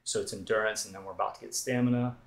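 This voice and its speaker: Laid-back low-voiced male fitness streamer. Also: very fast. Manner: relaxed, talkative, fillers and asides. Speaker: fitness coach streaming a workout. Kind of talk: live-stream stretch coaching and chat.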